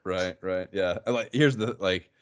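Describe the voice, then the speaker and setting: A man's voice: low-pitched, unhurried. A man co-hosting a podcast, chatting casually and rambling, laughing often as he talks. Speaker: podcast co-host. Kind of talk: casual chat about a retro game.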